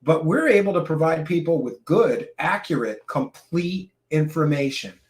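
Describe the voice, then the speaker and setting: A man hosting his own commentary show, ranting sarcastically and breaking into shouts at times. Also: on the high side, moderate pace. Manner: animated, sarcastic, bursts into shouting. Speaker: show host.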